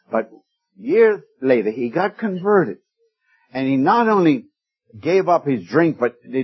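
A man preaching a sermon, telling stories in a folksy way, pushing up for emphasis and dropping soft for quoted words. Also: medium pitch, slightly rough, lo-fi sound. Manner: folksy storytelling with rising emphasis and hushed quoted lines.

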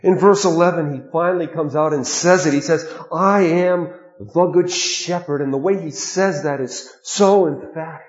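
A man preaching a sermon, earnest, dropping to a hush and then rising to emphatic stress. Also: fairly high pitch, moderate pace, hardly any pauses, reverberant, lo-fi sound. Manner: earnest, with sudden swings between hushed and emphatic.

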